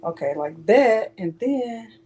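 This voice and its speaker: Woman, Southern US accent, mellow low-key tone, chatty live host, faint background noise. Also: expressive, takes it slowly. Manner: chatty, thinks aloud, jokes with viewers. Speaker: crafting livestream host. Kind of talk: casual live chat.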